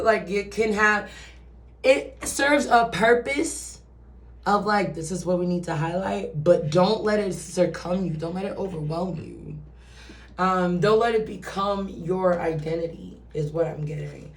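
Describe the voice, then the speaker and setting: A woman giving a casual, chatty tarot reading who swears and acts out quoted voices. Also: mid-range voice. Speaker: tarot reader. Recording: roomy echo, distant from mic.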